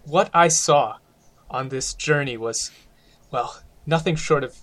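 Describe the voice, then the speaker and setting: A man's voice: fairly high pitch, takes it slowly, fairly bright tone. A man voicing his character, a scheming male scholar who feigns sincere reform, in an effusive, overly earnest manner.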